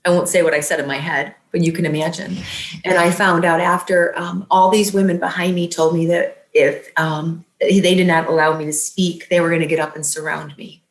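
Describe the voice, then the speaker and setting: A woman's voice: on the low side, level tone. Earnest woman telling her story, roomy echo. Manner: earnest, halting, many fillers, voice rising when quoting herself. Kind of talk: emotional personal storytelling.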